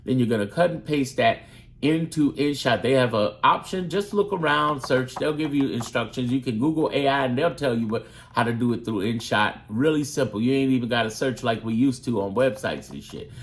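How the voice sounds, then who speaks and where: This gaming YouTuber speaks in a medium-pitched, animated voice at a fairly quick clip. He gives a brash, profane how-to talk straight to camera and keeps breaking into put-on voices.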